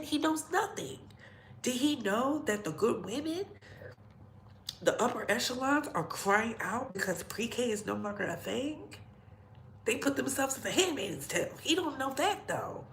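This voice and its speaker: A woman's voice: on the high side, a little hiss or hum. A woman vlogger ranting bluntly and profanely in heated commentary, in an echoey room.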